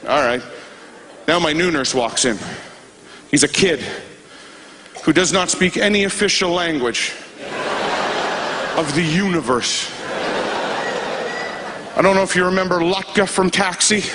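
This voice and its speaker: A man working a live comedy stage, his speaking voice sitting high for a man. He tells his story with animation, slipping into voices and sound effects. The room's ambience comes through clearly behind him. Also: animated, a little slow, long pauses, noisy background. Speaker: stand-up comedian. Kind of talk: stand-up storytelling.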